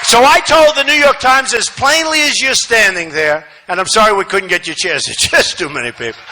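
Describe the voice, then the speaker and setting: A man giving a campaign rally speech, repeating phrases for emphasis and swinging between shouting and muttering asides. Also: sits high, animated, fairly quick, some chatter behind, low-quality recording. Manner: repetitive, emphatic, rambling asides. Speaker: political speaker at a rally. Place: large rally venue, no seating.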